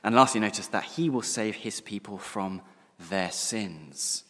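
A man preaching a sermon, slowing down and pausing to stress key words. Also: on the low side, animated, fairly bright tone, in a large hall.

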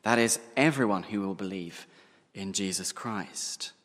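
A man delivers a sermon in a lowish voice, leaning hard on single words and slowing down to drive each point home. His voice carries a long reverb, as if recorded in a large church hall. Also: a bit bright. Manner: emphatic, slowing down to stress key words. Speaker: preacher.

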